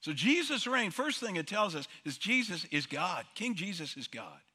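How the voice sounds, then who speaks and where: A man's voice: sits high, sing-song, normal speed, bright, forceful tone, husky. A male pastor preaching an earnest sermon, quoting scripture as he teaches. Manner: earnest preaching, quotes scripture and movie lines. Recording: long reverb of a hall.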